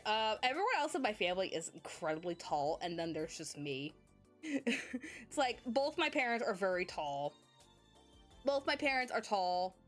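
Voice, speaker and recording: A woman's voice: mid-range voice, a bit bright. A woman streamer in casual chat with her viewers, bubbly and giggly as she talks.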